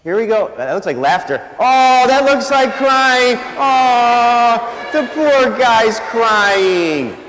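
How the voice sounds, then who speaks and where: A man's voice: extremely high pitch, lively intonation, slow pace, hardly any pauses, fairly bright tone. A man serving as deacon giving a playful, interactive homily in a church, quizzing the congregation and directing young volunteers. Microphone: handheld microphone. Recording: echoey church with long reverb.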